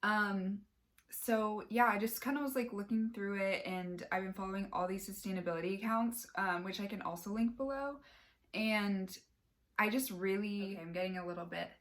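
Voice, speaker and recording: A young woman from Sacramento talks to her camera about a shop haul. She rambles in a loose, chatty way, full of "like" and "um", with a voice of ordinary pitch for a woman. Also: moderate pace. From Sacramento, California. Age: young adult. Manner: chatty, rambling, lots of fillers and "like". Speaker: vlogger. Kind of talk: casual haul vlog.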